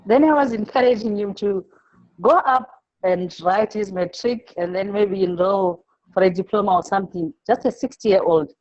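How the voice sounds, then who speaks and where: In this dull-sounding clip with faint music behind, a Zimbabwean woman who teaches recounts classroom anecdotes for an interview. Her mid-range, darkish voice falters and repeats words as she performs the pupils' lines.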